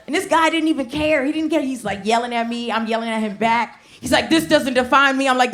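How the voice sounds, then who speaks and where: A woman performs stand-up on a club stage. Her voice sits a little high, and she talks loud and conversational, speaking straight to the crowd. The live recording carries clear background noise from the room. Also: fast, few pauses. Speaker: stand-up comedian. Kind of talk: stand-up comedy set. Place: comedy club stage with a laughing audience.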